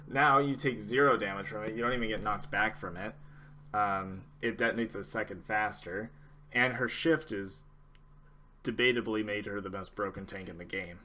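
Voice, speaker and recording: A man's voice: on the low side, normal speed, sharp tone, a little hiss or hum. A young man hosting a casual gaming podcast, rambling along with lots of ums and restarts, and he has the hiccups. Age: young adult. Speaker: podcast host.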